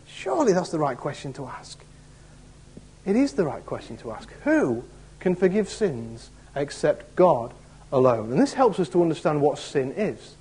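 A man's voice: on the high side, dark tone, slightly rough, low-quality recording. A man, an assistant pastor preaching conversationally with rhetorical questions. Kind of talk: sermon.

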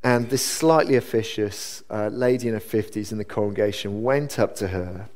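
A man preaching a sermon in a church, earnest and conversational, with sudden lively rises. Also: lowish voice, normal speed. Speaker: pastor.

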